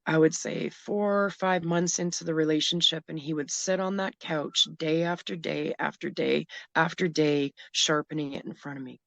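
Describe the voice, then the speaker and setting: Low-voiced woman telling a harrowing story. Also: fairly even intonation, creaky, fairly bright tone, dry recording. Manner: emotional, halting, with restarts. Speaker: guest. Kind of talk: personal story in a podcast interview.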